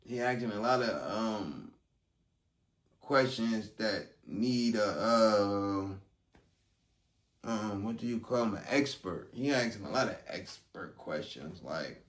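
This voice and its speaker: Low-pitched guy rambling casually in a vlog, lots of ums, far from the mic. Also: a bit bright. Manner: loose and conversational, full of ums. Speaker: vlogger recapping a court trial. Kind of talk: casual commentary. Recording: roomy sound, distant from mic.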